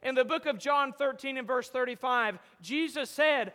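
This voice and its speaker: A man preaching to his congregation, with a very high and bright, ringing voice. He quotes old-style scripture and swings from loud emphatic peaks to quiet, low-spoken lines. A long reverb trails his words. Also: moderate pace, few pauses. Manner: quotes King James scripture. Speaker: pastor. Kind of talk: sermon.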